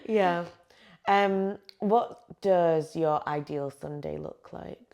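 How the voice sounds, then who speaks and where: A woman's voice: lowish voice, a little mellow, dull audio. Chatty woman podcast host. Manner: chatty, asks quick-fire questions. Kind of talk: casual chat.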